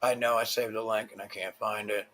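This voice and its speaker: A man's voice: on the low side, level tone, fairly quick, pushed and bright. A man hosting a livestream, ranting with constant swearing and frustrated rambling. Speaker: livestream host.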